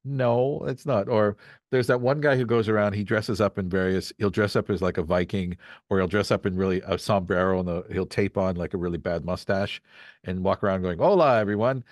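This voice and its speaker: Low-voiced rambling man, dry sound. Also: fairly even intonation, brisk, dry recording. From Canada. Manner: rambling, storytelling with acted-out quotes. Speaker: guest voice actor. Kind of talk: casual podcast chat.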